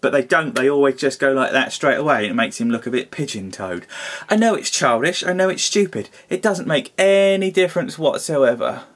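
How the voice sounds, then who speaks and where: A man's voice: medium pitch, lively intonation, a little fast, fairly bright tone. A man giving a casual hands-on toy review, grumbling and exasperated, with mild swearing.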